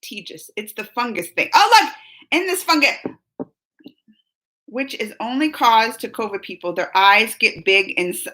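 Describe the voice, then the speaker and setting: Bright-voiced chatty woman streamer. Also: on the high side, lively intonation, a little slow, poor audio. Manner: chatty, rambling, laughs often. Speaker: livestream reaction host. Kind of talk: casual chat reading viewer comments.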